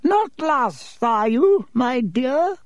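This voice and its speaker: Creepy old witch, squeaky high and wheedling, man doing the voice. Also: big pitch swings, drawn-out words, dry recording, studio quality, full character voice. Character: aged leering old witch woman.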